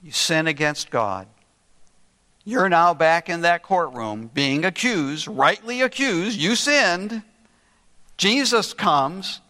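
An older man preaching a sermon, telling a story earnestly with slow, deliberate emphasis. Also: on the high side, lively intonation, pushed and bright. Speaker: pastor. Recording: long reverb in a large hall.

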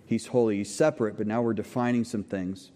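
A man's voice: lowish voice, fairly even intonation, a little fast, warm tone. A man preaching a conversational teaching sermon in a church, asking the congregation questions and checking in with frequent okays. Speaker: pastor. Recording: long hall reverb.

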